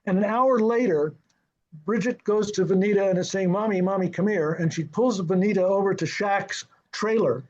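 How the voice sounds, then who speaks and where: Speaking at a moderate pace in a fairly high voice, an older man who directs film and television shares stories from a set as an interview guest. He is animated, chuckles frequently, and performs the quoted dialogue in others' voices, all on slightly dull, lo-fi audio.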